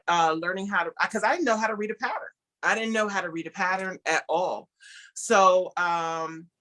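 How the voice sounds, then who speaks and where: A woman guest on an interview show, a clothing designer telling her story and acting out the voices of the people in it. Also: fairly low pitch. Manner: animated, acts out dialogue in her story; speaks of herself as an introvert.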